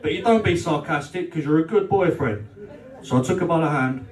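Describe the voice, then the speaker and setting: A man's voice: fairly high pitch, a little fast. A man doing a live stand-up set, teasing the crowd and acting out rows with his girlfriend. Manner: cheeky, swearing, acts out quarrels. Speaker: stand-up comedian. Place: club function room on stage. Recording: roomy live sound from far off.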